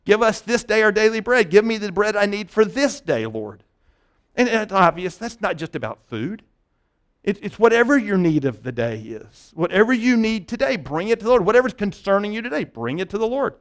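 Guy pastor w a high voice, preaching casual-like, lots of restarts and "right?". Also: expressive, brisk. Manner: conversational preaching with frequent restarts and "right?" asides. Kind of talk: sermon.

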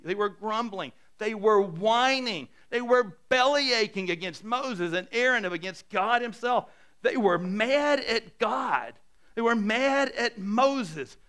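A middle-aged man preaching a sermon as a pastor, animated and self-deprecating, swinging between hushed and loud. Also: high-pitched, unhurried.

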